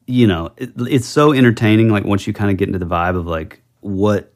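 Guy with a lowish voice just chatting on a podcast, kinda rambly. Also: brisk. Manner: rambling, full of fillers and restarts. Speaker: podcast co-host. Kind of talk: casual chat.

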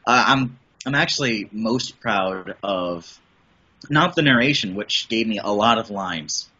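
A man's voice: fairly low pitch, lively intonation, unhurried, pushed and bright, slightly rough, dull audio. A middle-aged man from the Midwest, chatting casually as a podcast guest, rambling enthusiastically with frequent restarts. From American Midwest. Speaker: podcast guest, voice and audio producer. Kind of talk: casual interview chat.

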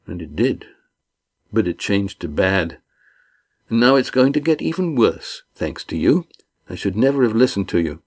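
A man's voice: lowish voice, sing-song, moderate pace, husky. A man reading the part of a scheming young sailor, now beaten, speaking in a pleading, miserable way. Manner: whiny, pleading.

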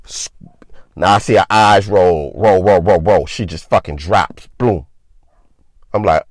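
A man's voice: low-pitched, a little slow, pauses often, no echo. A young man casually telling a personal story, loose and profane, leaning on filler words.

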